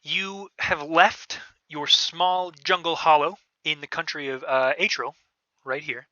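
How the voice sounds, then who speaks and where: A man narrating a tabletop game as game master, in a casual, halting way with many fillers. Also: a little high, steady tone, bright, forceful tone, no echo. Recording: dull, lo-fi podcast audio.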